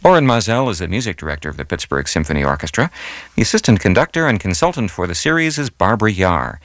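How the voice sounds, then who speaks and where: Low, lively-voiced male radio host. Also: no echo. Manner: measured, reads details slowly and carefully. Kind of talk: scripted radio presentation.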